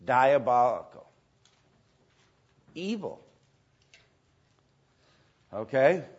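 Guy preaching real slow, lots of ums, kinda muffled lo-fi sound. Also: mid-range voice, sing-song, husky. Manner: slow, halting, many fillers. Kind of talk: sermon teaching. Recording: dull lo-fi sound.

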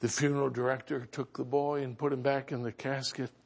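A man pastor preaching a sermon as a story, swinging between loud exclamations and hushed earnest passages. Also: mid-range voice, level tone, brisk, creaky.

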